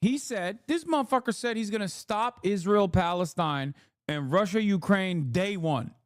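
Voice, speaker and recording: A man's voice: high voice, expressive, a little slow, no echo, clean studio sound. A young man streaming, ranting casually with sarcastic, profane mockery.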